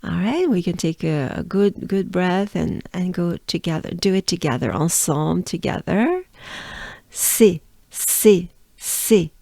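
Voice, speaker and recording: A woman's voice: on the low side, very animated, moderate pace, gravelly, few pauses, dark tone, dry recording. A woman from France with a French accent, teaching pronunciation patiently and repeating sounds for practice. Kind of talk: friendly pronunciation lesson.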